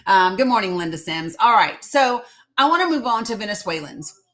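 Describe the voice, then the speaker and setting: Livestreaming casually from her phone at home, a middle-aged woman talks in an expressive, medium-pitched, slightly bright voice at normal speed. She greets viewers by name and chats emphatically, going back over her points.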